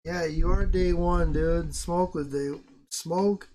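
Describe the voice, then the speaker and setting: A man's voice: a little high, a little mellow, a little hiss or hum. A young man chatting casually on a live stream, rambling and swearing freely, with self-mocking asides.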